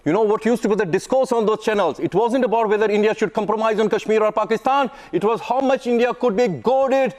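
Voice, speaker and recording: A man argues on a TV news debate in a high, insistent voice. He lectures his opponent and pushes back hard. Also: fast talker, few pauses, darkish tone. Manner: combative, lecturing. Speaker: debate panelist. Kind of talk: heated TV debate.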